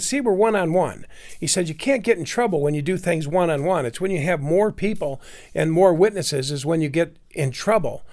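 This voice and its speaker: A man's voice: high-pitched, a little mellow. A middle-aged man rambling through a personal story, acting out what others said. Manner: rambling, with restarts and acted-out quotes. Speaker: storyteller recounting personal experience.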